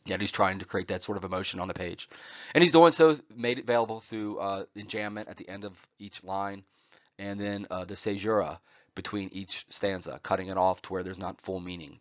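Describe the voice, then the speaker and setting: A man giving a recorded poetry lecture over slides, often pausing on "uh" and checking in with "right?". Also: low-pitched, no room sound, dull audio. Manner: frequent "uh" fillers and "right?" check-ins.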